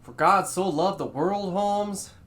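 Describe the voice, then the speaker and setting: A man voicing God as a loud, playful, street-talking comic reciting scripture. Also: high-pitched, slow pace, voice pushed up.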